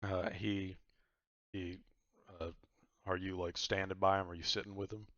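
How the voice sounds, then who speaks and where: A man narrating a tabletop game as game master, lively and peppered with "uh" and "he kinda". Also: sits low, moderate pace, no room sound, dull audio. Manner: lively, with frequent "uh" and "he kinda" between actions.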